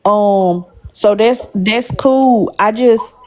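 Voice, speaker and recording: A woman hosting a live-stream panel, speaking calmly and thoughtfully, with frequent pauses. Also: mid-range voice, a little hiss or hum. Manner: calm, measured, with frequent "um" pauses.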